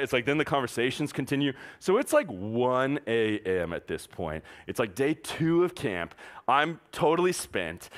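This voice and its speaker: A young man speaking as a youth pastor tells a camp story in a bright, ringing voice. His talk is animated and loose, packed with fillers and laughter. His pitch sits right in the middle for a man. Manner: animated, filler-heavy, laughing through the telling.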